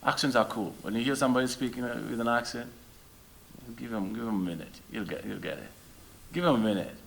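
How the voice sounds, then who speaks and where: A middle-aged Senegalese man, a musician whose first language is not English, chatting with a live audience between songs, animated and full of rhetorical questions. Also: medium pitch, fast, creaky, slight background noise.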